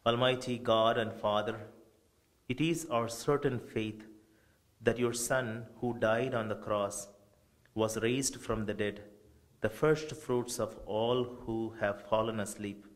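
A man, a priest, leading a funeral service with slow, measured liturgical prayers and readings. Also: lowish voice.

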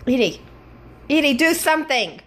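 A woman filming her dog at home, talking to it in a playful, excitable, coaxing way. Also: high voice, normal speed. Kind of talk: casual home video. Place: home indoors.

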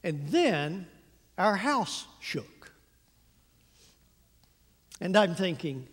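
Male pastor, animated comic storyteller, very high voice, big church-hall reverb. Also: very slow, pauses often. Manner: animated, comic timing, stretches words for effect. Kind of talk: humorous storytelling sermon. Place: church sanctuary.

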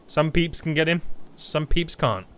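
A young British man giving live commentary while playing a game, excitable and prone to sudden loud yelps and shouts. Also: on the high side, measured pace. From Britain. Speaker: gaming YouTuber.

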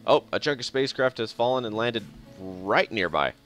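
Speaking at normal speed in an animated, mid-range voice that's a bit bright, a man casually narrates a strategy game on a live stream. He chuckles and mutters to himself often, and faint game music can be heard behind him.

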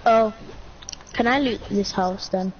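A woman's voice: mid-range voice, slow pace, slight background noise. A young woman chatting and joking along while playing a game. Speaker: player. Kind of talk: casual gaming chat. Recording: dull lo-fi mic.

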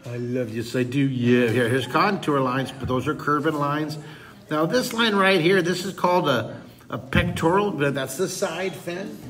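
A middle-aged man with a slightly high, expressive, bright voice teaches a drawing lesson unhurriedly, far from the mic. He's goofy and playful, full of teasing jokes, with an audience of kids behind him.

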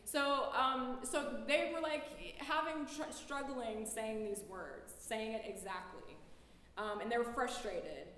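A woman artist gives a relaxed, chatty public talk, full of "like" and easy laughter. Her voice is bright and slightly high. The sound bounces around a large, echoey lecture hall. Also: slow pace. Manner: loose and chatty, heavy use of "like", laughs easily. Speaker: visiting artist giving a talk.

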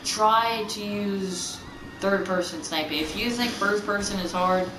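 Excitable man rambling over gameplay. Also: high voice, measured pace. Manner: excitable, repeats himself, rambling. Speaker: gaming channel host. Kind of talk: casual gameplay commentary. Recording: roomy, distant mic, noisy.

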